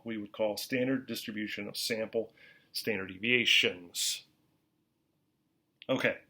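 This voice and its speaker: A male university lecturer explaining statistics in a casual classroom lecture, repeating key points slowly and checking in with "okay?". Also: lowish voice, sharp tone.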